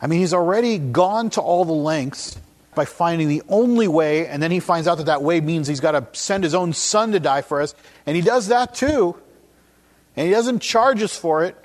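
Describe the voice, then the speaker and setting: Preacher man with a slightly high voice. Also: normal speed. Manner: storytelling, shifting pace and emphasis. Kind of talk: sermon.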